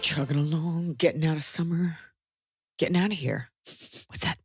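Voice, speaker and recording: A woman's voice: low voice, normal speed, faint music behind. A woman hosting a podcast in a casual, playful, jokey chat. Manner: playful, jokey, sing-song bits. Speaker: podcast host.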